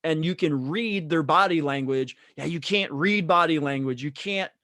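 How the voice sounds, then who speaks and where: A man's voice: fairly high pitch, moderate pace, bright, forceful tone, no room sound, clean studio sound. A man who is a guest on a podcast, chatting casually in a rambling way, repeating words as he goes.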